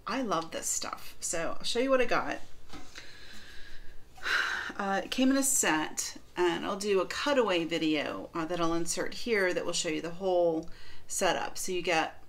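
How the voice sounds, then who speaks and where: Speaking at a moderate pace with a fairly low pitch, a middle-aged northern American woman runs a baking demo and product review. She's a chatty vlogger who rambles and leans heavily on fillers.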